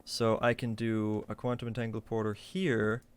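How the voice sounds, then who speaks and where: A man's voice: on the low side, level tone, normal speed, clear, resonant tone. A man streaming a game live, talking through what he builds in a chatty, eager way from a hot room at home on a desk microphone. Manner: chatty, eager, thinks aloud while building. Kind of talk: live gameplay commentary.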